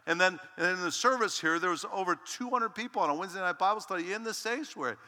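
A male pastor preaching a lively, emphatic sermon to his congregation and calling out "Amen?" as he goes. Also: high-pitched, fast talker, big-room sound. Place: church sanctuary.

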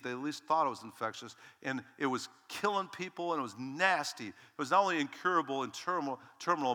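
Bright-voiced preacher man in a big hall. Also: medium pitch. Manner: dramatic, swinging from hushed to shouting. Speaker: pastor. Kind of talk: sermon. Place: church sanctuary. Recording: long reverb in a large hall.

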